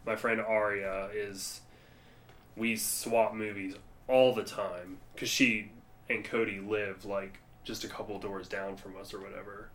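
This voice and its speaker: A man's voice: on the low side, little pitch movement, measured pace, a bit bright. A young man co-hosting a podcast, talking casually and rambling with lots of fillers and frequent laughs. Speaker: podcast co-host. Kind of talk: casual chat.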